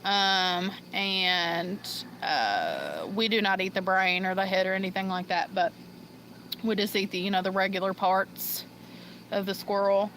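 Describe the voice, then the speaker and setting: A woman's voice: mid-range voice, unhurried, fairly bright tone, a little hiss or hum, rough recording. A woman hosting a casual livestream, laughing constantly and losing her train of thought. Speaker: livestream host. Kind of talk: casual live chat.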